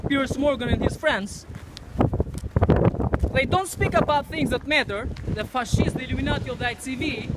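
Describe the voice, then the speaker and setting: High-voiced man ranting in the wind. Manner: repetitive, declamatory ranting. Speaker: street protester. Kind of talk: outdoor protest speech. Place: outdoors on a windy street. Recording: loud wind noise on an outdoor mic.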